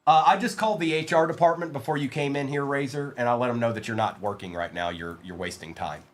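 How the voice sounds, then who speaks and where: Talking fast in a medium-pitched voice, a card-break streamer rattles off player names from the packs he opens and playfully needles his chat.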